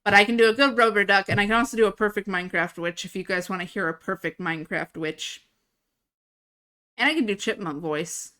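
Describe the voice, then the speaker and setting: Young woman streamer, giggly casual chat, bright tone, close desk mic. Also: medium pitch, brisk. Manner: chatty, giggly, self-amused. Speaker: livestreamer.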